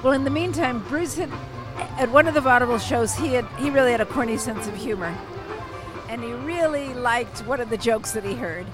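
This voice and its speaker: An older woman calmly telling a personal story in a conversational way, with many fillers and restarts. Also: on the high side, a little fast, over music, rough recording.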